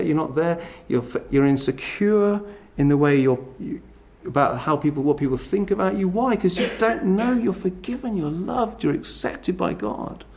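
A man's voice: on the high side, darkish tone. A middle-aged man preaching a sermon, earnestly pressing his listeners with repeated direct questions. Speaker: pastor.

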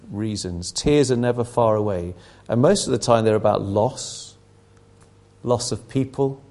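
A man's voice: mid-range voice, gravelly, darkish tone. A middle-aged man preaching a sermon, emphatic, his intensity rising and falling.

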